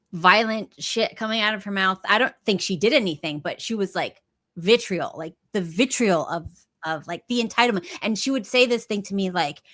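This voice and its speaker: A woman co-hosting a podcast, telling a story in a casual, gossipy, animated way and talking back sharply. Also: medium pitch. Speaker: podcast co-host.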